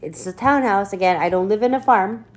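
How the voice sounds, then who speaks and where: Animated woman telling a wild story. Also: mid-range voice, a little fast. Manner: animated, laughing, swearing storyteller. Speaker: podcast co-host. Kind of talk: casual storytelling chat.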